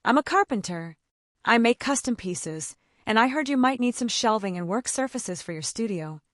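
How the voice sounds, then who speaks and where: A woman voicing a shy, kind man in his thirties who works as a carpenter, gentle and a bit bashful. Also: a little high, animated, normal speed, dry recording, clean studio sound, lightly acted.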